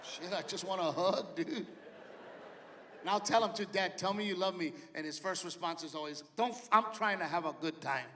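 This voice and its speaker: Middle-aged guy doing standup, loud punchy delivery, faint room noise behind. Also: high voice, moderate pace. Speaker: stand-up comedian. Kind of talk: stand-up comedy set. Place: large theater stage. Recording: live theater with long reverb and faint ambience.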